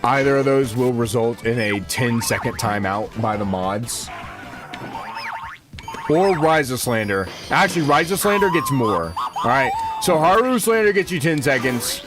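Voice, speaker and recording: A man's voice: mid-range voice, very animated, measured pace. A man in his twenties chatting casually to viewers while streaming a game, rambling and slangy. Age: 20s. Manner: rambling, slangy, talks to chat. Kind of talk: casual livestream chat. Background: game music.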